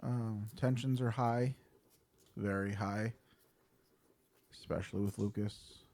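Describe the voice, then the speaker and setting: A man playing his character at a tabletop game, earnest and plainspoken with halting pauses. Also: fairly low pitch, fairly even intonation, a little mellow. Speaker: player.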